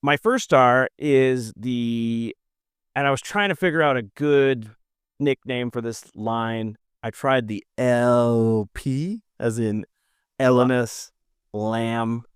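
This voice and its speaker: A man's voice: medium pitch, takes it slowly, clean tone, no room sound, clean studio sound. A man co-hosting a podcast, chatting casually and jokingly about hockey games in long runs. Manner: animated, jokey, talks in long runs. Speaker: podcast co-host. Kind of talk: casual sports chat.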